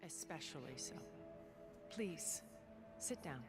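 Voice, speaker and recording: A woman voicing a poised, elegant older woman in a video game cutscene, speaking in a refined, measured way. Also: deep voice, expressive. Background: game music.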